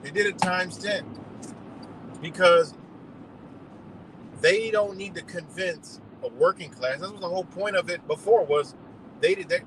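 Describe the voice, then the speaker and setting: A man's voice: high voice, measured pace, long pauses, noisy background. A man doing a rambling, profane political rant on a livestream, talking outdoors beside a road. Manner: heated, rambling, heavy swearing. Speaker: livestream host.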